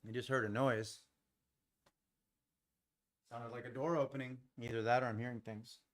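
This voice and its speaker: A man's voice: medium pitch, moderate pace. Laid-back man hosting a trading stream. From Los Angeles. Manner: relaxed, rambling, chuckles often. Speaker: day trading livestream host. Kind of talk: casual live commentary, chatting with viewers. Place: home trading setup.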